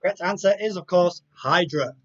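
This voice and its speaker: Over faint music on a dull, lo-fi recording, a high-pitched man at a moderate pace hosts an online quiz live. He reads the multiple-choice options aloud and makes casual conversation between questions.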